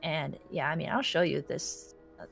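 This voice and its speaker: A woman's voice: sits low, normal speed, creaky, soft background music. A young woman streamer telling a rambling story while she plays a game, acting out what others said. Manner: rambling, animated, quotes others in a raised voice. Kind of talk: casual storytelling chat.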